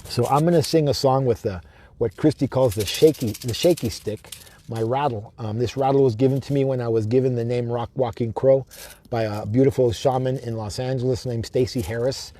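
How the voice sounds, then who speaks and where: A man, a shamanic drum healer, giving a heartfelt live-streamed spiritual talk, slow and repetitive with chanted invocations, teary-eyed and speaking to his own camera. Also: mid-range voice, steady tone, warm tone, a little hiss or hum. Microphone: self-filmed camera.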